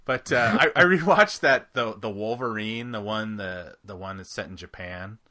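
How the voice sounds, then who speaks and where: A man co-hosting a podcast, talking casually with quick, animated bursts of enthusiasm. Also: lowish voice. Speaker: podcast co-host. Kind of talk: casual chat.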